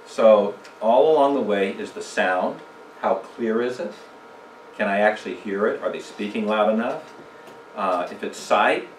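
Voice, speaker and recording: A man of ordinary pitch teaches a church communication seminar, chatting with the audience and throwing them questions. His voice carries through an echoey room, picked up from a distance, with a faint hiss under it. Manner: conversational, asks the audience questions, tells jokes. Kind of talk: casual church seminar talk.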